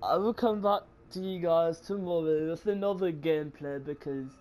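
A man's voice: a little high, moderate pace. A man, panicking and swearing through a horror game let's play while talking to his viewers. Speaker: gamer. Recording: loud game noise behind the voice.

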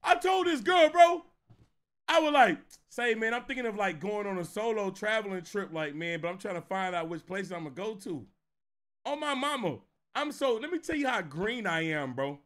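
Animated high-voiced streamer man. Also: moderate pace. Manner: animated, swings from low mutters to loud laughing outbursts. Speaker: streamer reacting to clips. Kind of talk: casual reaction stream chat.

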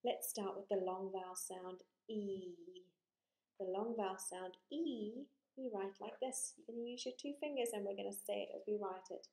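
A woman teaching a phonics lesson to young children, drawing out vowel sounds slowly and praising often. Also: mid-range voice, warm tone. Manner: slow, encouraging, exaggerated vowel sounds. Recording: echoey room.

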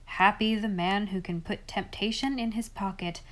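A kindly storybook father figure, musing aloud with quiet wisdom, as a woman reader puts him on. The voice stays near the reader's own, unhurried and reflective. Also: medium pitch, steady tone, close to an everyday voice. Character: wise, kindly grown man.

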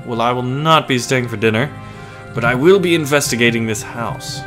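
A man's voice: mid-range voice, normal speed, music in the background. Playful scratchy-voiced man playing a game. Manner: playful, jokey, casual. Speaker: gaming channel host. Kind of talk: let's play commentary.

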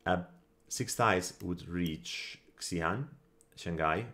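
Deep-voiced male game commentator at his desk mic, musing and tallying out loud, short bursts of frustration. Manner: thinks aloud, counts under his breath, quick flashes of annoyance. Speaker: gameplay commentator. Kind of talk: casual strategy game commentary.

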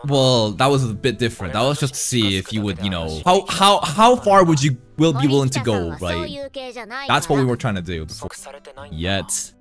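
A man's voice: mid-range voice, sing-song, normal speed, music in the background. A man streaming an anime reaction, chatting casually, laughing often and talking to the characters on screen. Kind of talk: casual live reaction commentary.

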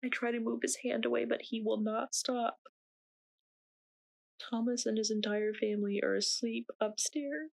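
A young woman acting a shaken narrator in a dramatic monologue, speaking slowly and haltingly with long pauses. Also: fairly high pitch, fairly even intonation, gravelly, a little mellow. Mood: haunted. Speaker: narrator recounting her own ordeal. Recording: distant mic with faint noise.

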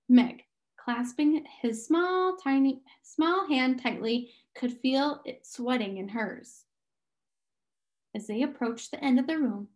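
A woman reading a novel aloud slowly and carefully. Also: fairly high pitch, darkish tone. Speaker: audiobook reader.

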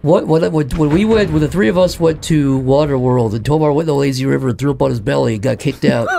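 A man's voice: on the high side, quick pace, vocal fry, noisy background. A man co-hosting a comedy gaming show, rambling through goofy stories and tripping over his own words. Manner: rambling, stumbling restarts. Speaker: let's play co-host. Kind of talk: joking casual banter.

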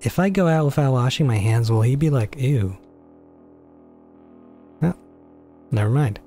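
Young man, let's play commentary, slow delivery, mellow voice, faint music behind. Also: medium pitch, animated. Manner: mock-horrified, joking, swears a lot. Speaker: gaming YouTuber. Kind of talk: let's play commentary, reading game text aloud.

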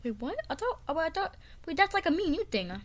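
A woman's voice: extremely high pitch, big pitch swings, fast, pitched above the performer's own voice. A woman voicing a meek, jealous clay pony in a home toy play-acting video, hesitant and whiny, sometimes dropping to a scared whisper. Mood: upset.

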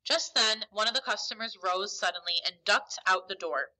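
A woman teacher reading a novel aloud to a class in an expressive, emphatic storytelling manner. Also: medium pitch, normal speed, rough recording.

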